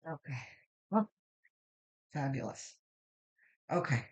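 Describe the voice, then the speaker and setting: A tarot reader delivers her weekly reading to viewers in a medium-pitched, animated voice, taking her time. She's reflective and rambling, full of fillers and restarts, and so moved she's near tears.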